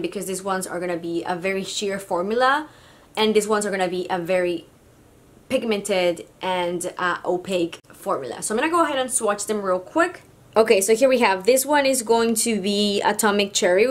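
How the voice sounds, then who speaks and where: A woman from Mexico with a Mexican Spanish accent, giving a chatty, gushing makeup review full of fillers. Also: mid-range voice. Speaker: beauty vlogger.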